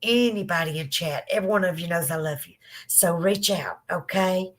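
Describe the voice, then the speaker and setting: A woman's voice: on the low side, moderate pace. A Southern woman hosting a live podcast, chatting affectionately and emotionally with viewers after she has been crying. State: teary from crying. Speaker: livestream podcast host. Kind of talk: casual chat to live viewers.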